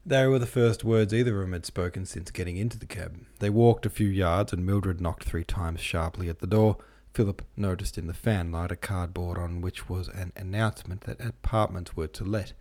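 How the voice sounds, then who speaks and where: A man reading a classic novel aloud as its narrator, in a steady, measured way. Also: low-pitched. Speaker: audiobook narrator and podcast host.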